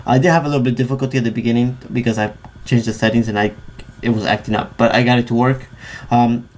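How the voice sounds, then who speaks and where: A man co-hosting a podcast in casual chat, excitable and tripping over his words. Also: medium pitch, fast, a little hiss or hum. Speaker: podcast co-host.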